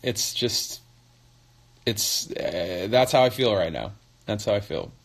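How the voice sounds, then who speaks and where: Casual male musician in his forties, slightly low voice, rambling and relaxed, phone livestream. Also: slow pace. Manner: loose and chatty, many fillers and restarts. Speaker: musician answering fan questions.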